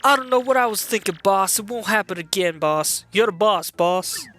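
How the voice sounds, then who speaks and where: A man putting on an eager, fawning mob underling with a New York gangster accent. The voice is bright and sharp, with faint music in the background. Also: high-pitched, expressive, moderate pace.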